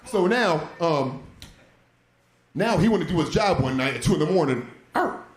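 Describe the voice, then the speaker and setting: A man in his thirties tells a profane stand-up story to a live crowd, his pitch leaping around as he acts out the scenes. His voice sits a little high for a man. The stage mic picks up a roomy club echo. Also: animated, moderate pace. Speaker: stand-up comedian. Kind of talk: stand-up comedy set.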